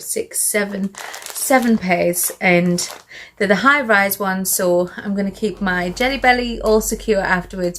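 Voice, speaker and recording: A British woman chatting through a casual show-and-tell vlog, a little out of breath, rambling with fillers and asides. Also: mid-range voice. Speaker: vlogger.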